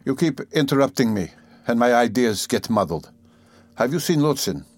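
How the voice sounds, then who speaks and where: A man's voice: medium pitch, very animated, normal speed, darkish tone, no echo, voice pushed up. A man voicing a tormented, feverish young man who speaks curtly and with strain. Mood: irritable, strained. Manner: curt, strained.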